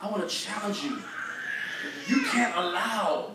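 A man's voice: high-pitched, expressive, measured pace, very noisy. An older man preaching a sermon in a folksy, humorous storytelling way, full of colloquial speech. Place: church sanctuary. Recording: echoey church recording from far off, congregation audible.

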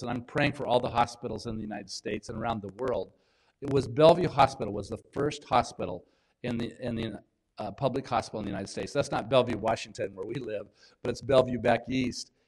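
A man, a pastor, giving a sermon in a conversational, unhurried way, with pauses and small restarts. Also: medium pitch. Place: church in Washington State.

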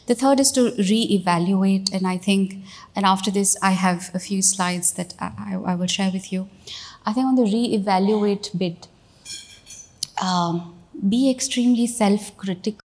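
A woman's voice: mid-range voice, darkish tone. A middle-aged woman giving a keynote speech in a conversational, storytelling way, often saying "you know" and "right?". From India. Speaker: keynote speaker, CEO.

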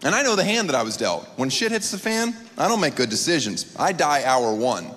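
Sarcastic stand-up comedian on a theater stage. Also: male voice, big pitch swings, a little fast, a bit bright. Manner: sarcastic, incredulous, with sudden pitch jumps into mock voices. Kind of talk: stand-up set. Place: large theater stage before a live audience. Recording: long theater reverb, audience noise.

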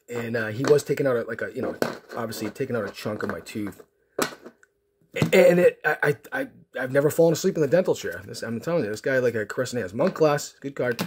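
A man's voice: mid-range voice, slightly rough. A man opening card packs on his channel, chatting casually in a rambling, sarcastic way with lots of fillers and restarts. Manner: sarcastic, self-mocking storyteller. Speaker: card pack opening vlogger.

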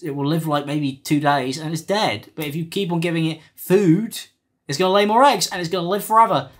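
Man, commentary, blunt, exasperated, fairly high voice. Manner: blunt, exasperated, swears casually. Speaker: commentary YouTuber. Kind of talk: casual commentary.

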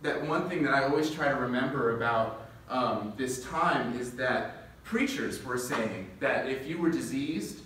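Young preacher in a very echoey room. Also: male voice, medium pitch, fairly bright tone, a little hiss or hum. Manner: storytelling with quick laughs, building to impassioned lists. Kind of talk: sermon. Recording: echoey room, distant mic.

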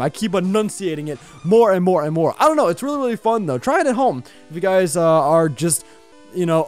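Lively young man hyping his gameplay. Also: on the high side. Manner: energetic, rambling, playful hype. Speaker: YouTube gaming host. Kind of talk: let's play commentary. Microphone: boom arm microphone.

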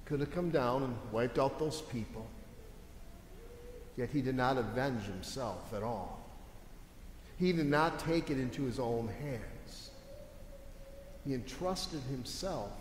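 Speaking slowly with long pauses, this pastor has a medium-pitched, expressive voice. His sermon is conversational and forceful, built around rhetorical questions, and the echoey sanctuary adds long reverb plus a little background noise.

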